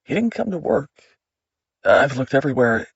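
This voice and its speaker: A man's voice: mid-range voice, very animated, normal speed, vocal fry, breathy edge, dry recording, lo-fi sound, full character voice. A man voicing a worried male teacher colleague, speaking urgently and earnestly.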